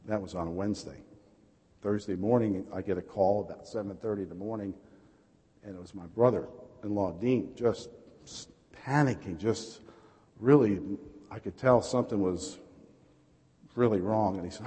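New York pastor preaching in a hall. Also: male voice, lowish voice, normal speed, long pauses, mellow, breathy edge. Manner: passionate storytelling preacher, calls out "Amen?". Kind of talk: sermon. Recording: reverberant hall.

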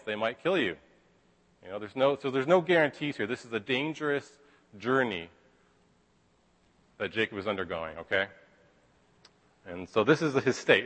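A man's voice: mid-range voice, expressive, normal speed, long pauses, fairly bright tone. A man preaching a sermon, retelling a story in a casual, chatty way with frequent asides. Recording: reverberant hall.

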